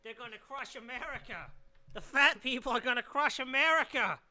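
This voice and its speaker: A man's voice: very high-pitched, fairly quick, pushed and bright, exaggerated voice. A man in a living room doing an impression of a male comedian, with a nasal voice that makes everything sound like a vague complaint, heard from away from the mic. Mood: complaining.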